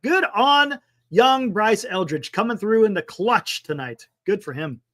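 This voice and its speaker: Casual stream host, male, higher-pitched, rambling and offhand with the odd curse. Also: animated, unhurried, a bit bright. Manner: rambling, thinking aloud, mild swearing. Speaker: sports talk livestream host. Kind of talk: casual livestream chat.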